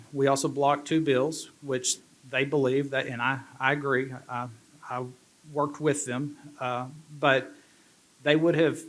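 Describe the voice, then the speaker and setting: A man speaking as a state representative at a fundraising banquet, earnest and prone to restarting his sentences. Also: mid-range voice. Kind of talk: banquet speech.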